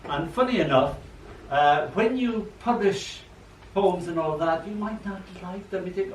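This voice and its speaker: Older guy, slightly high voice, animated poetry reading with a faint hum behind. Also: a little slow, few pauses. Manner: chatty, animated storyteller who acts out quotes. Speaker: poet. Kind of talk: poetry reading at an open mic. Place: old library room. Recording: echoey room, mic far off, faint hum.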